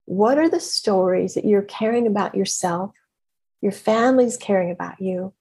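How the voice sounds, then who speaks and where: A woman coach giving a motivational talk in an emphatic, animated way, laughing often. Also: mid-range voice, moderate pace, husky.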